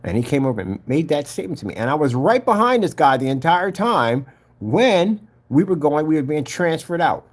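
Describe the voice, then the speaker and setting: A man's voice: fairly high pitch, very animated, moderate pace. Earnest preachy man telling his story. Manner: earnest, preachy, retells events with acted-out voices. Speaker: vlogger giving a personal testimony. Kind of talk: casual spoken testimony.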